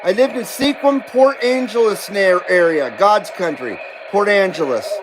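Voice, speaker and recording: A man hosting a CB radio livestream, chatting casually and reading out viewer comments in a laid-back, drawn-out way. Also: high-pitched, a crowd in the background, low-quality recording. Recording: steady background noise.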